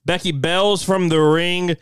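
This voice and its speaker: A man's voice: sits high, fairly even intonation, unhurried, clean tone, no room sound. Eager man narrating wrestling play-by-play. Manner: eager, stumbles and restarts. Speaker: narrator of a fan wrestling show.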